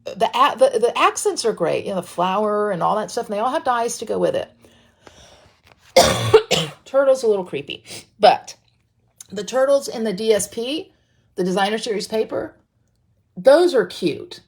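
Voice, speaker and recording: A woman leads a live crafting tutorial, chatting with viewers and reading their comments as she works, often restarting her sentences. Her husky voice sits at medium pitch, animated but at a moderate pace with long pauses.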